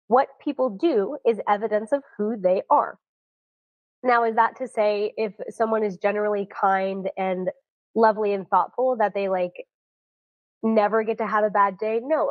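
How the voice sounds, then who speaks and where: Woman, frank self-help talk, lively quoted voices, tinny phone-like sound, dry. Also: medium pitch, no room sound. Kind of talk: casual advice monologue.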